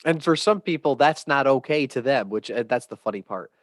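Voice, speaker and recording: A man's voice: medium pitch, a little fast, no room sound. Earnest male podcast host, dry sound. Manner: earnest, rambling, animated when excited. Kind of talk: casual conversation.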